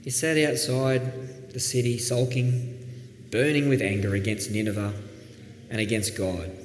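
A man preaching a sermon as pastor, earnest, dropping soft and then rising with emphasis. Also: medium pitch, steady tone, a little slow. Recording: echoey hall, faint background noise.

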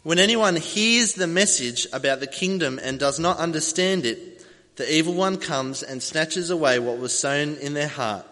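A man's voice: fairly high pitch, bright, forceful tone. A man preaching a sermon, telling a story with animation and acting out voices as he goes. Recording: long hall reverb.

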